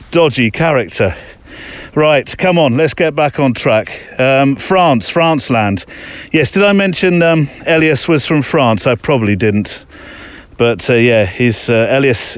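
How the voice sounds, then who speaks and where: A man's voice: mid-range voice, clean tone, dry recording. Chatty man walking his dog. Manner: chatty, self-mocking, talks to his dog between thoughts. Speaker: podcast host. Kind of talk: casual rambling monologue on a walk. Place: outdoors on a muddy countryside walk.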